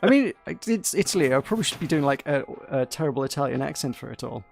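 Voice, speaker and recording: A man's voice: mid-range voice, big pitch swings, quick pace, gravelly. A man hosting a gaming stream, talking casually and poking fun at himself. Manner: chatty, self-mocking. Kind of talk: casual let's-play commentary.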